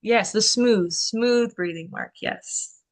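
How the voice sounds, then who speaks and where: A woman's voice: a little high, slow pace. A woman teaching a language class in a classroom, explaining letters and sounds and often checking in with "okay" and "right?". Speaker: Greek language instructor. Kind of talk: classroom lecture.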